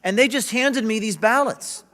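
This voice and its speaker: A man giving an energetic, emphatic speech at a conference. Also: high voice, moderate pace. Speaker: conference speaker. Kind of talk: public speech. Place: conference stage.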